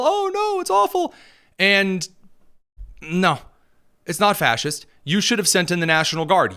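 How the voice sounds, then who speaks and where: A man's voice: medium pitch, bright, forceful tone. A man hosting a political commentary show, talking in a sarcastic, mocking way. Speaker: podcast host.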